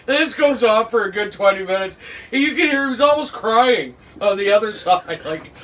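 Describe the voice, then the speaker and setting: High, bright-voiced Cape Breton man. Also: lively intonation, moderate pace. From Cape Breton, Canada. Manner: laughing storyteller, shouts quoted lines. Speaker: podcast host. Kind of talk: casual storytelling chat. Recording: distant mic with faint background noise.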